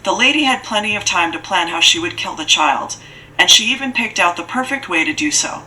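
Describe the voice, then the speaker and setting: A woman reading a dark fantasy story aloud as an audiobook narrator, with steady, measured, dramatic storytelling. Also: fairly low pitch, a little hiss or hum, low-quality recording.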